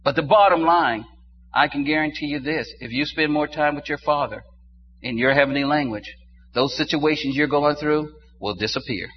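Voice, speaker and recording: Older male pastor, sermon delivery, quiet asides building to fervent exclamations; lo-fi church recording. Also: a little high, moderate pace. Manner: preaching to a congregation, swings from quiet to rising exclamations. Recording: dull muffled sound with faint hum.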